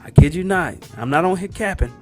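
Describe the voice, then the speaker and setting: A man's voice: high-pitched, brisk, soft background music. A man hosting a podcast, telling a story casually with slang and acting out the voices and reactions of the people in it. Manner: animated, acts out dialogue and reactions; slangy, conversational. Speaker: podcast host.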